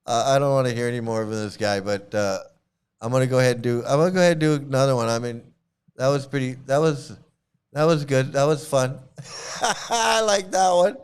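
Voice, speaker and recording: A man's voice: medium pitch, fairly quick, smooth. A man hosting reaction commentary, scornful and blunt, stumbling and repeating himself as he mocks what he hears. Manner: scornful, repetitive, stumbling restarts. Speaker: commentary host.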